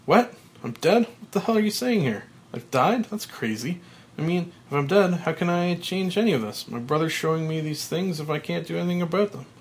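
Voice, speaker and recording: A man voicing a frantic middle-aged male TV executive, reading a screenplay aloud, his voice pitched high, loud and panicky. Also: quick pace, few pauses, close to an everyday voice. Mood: panicked. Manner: high, loud and panicky, then giddy and manic.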